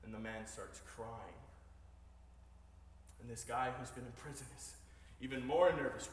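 A male pastor preaching a sermon, moving between hushed storytelling and rising, emphatic preaching. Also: mid-range voice, a little slow, long pauses, slight background noise. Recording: echoey hall, voice heard from a distance.

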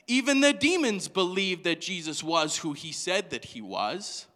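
Animated bright-voiced preacher in reverb. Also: male voice, sits high, unhurried. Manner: animated, questioning the congregation, acting out voices. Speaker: pastor. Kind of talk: sermon. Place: church hall.

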